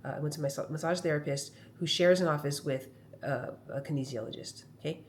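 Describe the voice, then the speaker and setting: Chatty low-voiced woman vlogger. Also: fairly quick, slight background noise. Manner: chatty, rambling, animated storytelling. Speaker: comedian vlogger. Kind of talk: casual vlog monologue. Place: at home. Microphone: phone camera.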